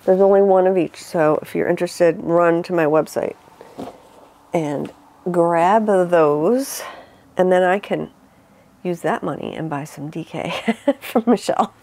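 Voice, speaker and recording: A middle-aged woman with an upstate New York accent hosts a knitting podcast, casually showing off yarn with frequent laughs and asides. Her fairly low, warm voice keeps a measured pace with long pauses.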